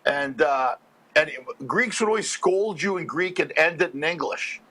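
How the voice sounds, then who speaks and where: Lively high-voiced comedian telling stories. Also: male voice, noisy background. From Montreal, Canada. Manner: animated, laughs often, quick anecdotes. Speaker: guest comedian. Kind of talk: storytelling interview chat.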